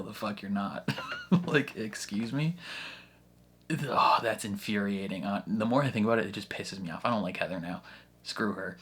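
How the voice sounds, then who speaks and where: Husky-voiced man ranting in casual commentary. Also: fairly low pitch. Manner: animated, exasperated ranting with frequent swearing. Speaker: reaction video host.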